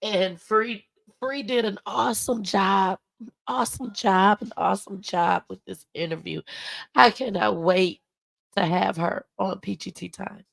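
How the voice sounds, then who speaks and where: A woman's voice: mid-range voice, fairly even intonation, measured pace, gravelly, fairly bright tone, no room sound. A woman hosting a livestream, talking heartfelt and close to tears as she thanks her viewers, calling them y'all and baby. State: emotional, close to crying. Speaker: livestream host. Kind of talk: emotional casual livestream talk to viewers.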